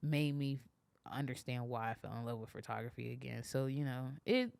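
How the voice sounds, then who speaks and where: A young woman with a low, smooth, clear voice, chatting on a podcast and telling stories with real animation. She laughs often and acts out what other people said. The sound is close and dry. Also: steady tone, moderate pace, a little mellow, no echo. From Kansas, US. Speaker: photographer and business owner, guest. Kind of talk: casual podcast conversation.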